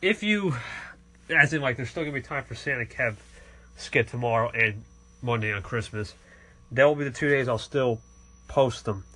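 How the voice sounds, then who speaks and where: A man's voice: medium pitch, moderate pace, long pauses, a bit bright. A man hosting a casual podcast, thanking callers with friendly, repeated sign-offs. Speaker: podcast host reading call-ins. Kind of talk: casual call-in shout-outs.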